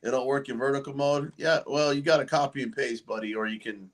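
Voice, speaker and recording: A man's voice: mid-range voice, fairly even intonation, fairly quick. A man hosting a casual livestream, chatting loosely and joking with viewers and guests. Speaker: livestream host.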